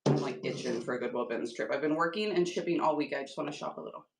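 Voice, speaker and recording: A woman's voice: deep voice, quick pace, creaky, far from the mic, very noisy. Chatty woman livestreaming from an echoey room. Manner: chatty, upbeat, talks to viewers while working. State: tired. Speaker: live-selling craft host. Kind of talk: casual livestream chat while painting.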